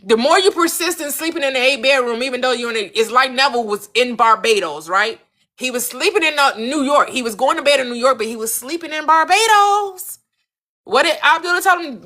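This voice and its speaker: On her live-stream about manifestation, a host with a high, bright, forceful voice speaks briskly and animatedly. She singles out viewers by name, echoes her own questions for effect, and performs short quoted scenes while teaching.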